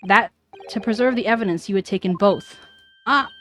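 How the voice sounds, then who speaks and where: A woman's voice: medium pitch, normal speed, a bit bright, soft background music. A woman streamer reading visual novel dialogue aloud, voicing the characters and stumbling over names.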